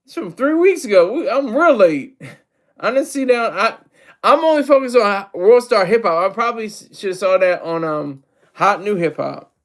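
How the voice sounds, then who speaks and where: A man's voice: high-pitched, expressive, normal speed. A man giving casual, rambling solo commentary on hip hop, self-deprecating and full of restarts.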